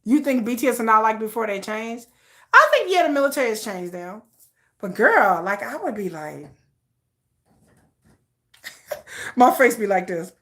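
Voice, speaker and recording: Bubbly, high-pitched, animated woman vlogger. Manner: animated, laughing, acting out fangirl reactions. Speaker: K-pop channel host. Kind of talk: excitable casual chat with live chat readers.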